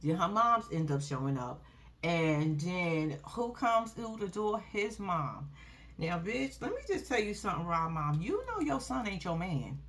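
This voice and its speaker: A woman giving casual, animated commentary on a reality show, laughing often and swearing freely. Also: lowish voice, measured pace. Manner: animated, laughing, profane, sassy.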